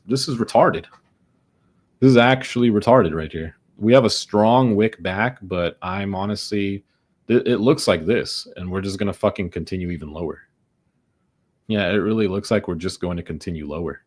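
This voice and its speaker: A young man with a fairly low voice talks through his trades live, and he keeps muttering and swearing about picking the wrong way. He sounds worn down and exasperated as the losses pile up. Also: a little fast, darkish tone, breathy edge. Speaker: day trader streaming live. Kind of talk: frustrated live commentary.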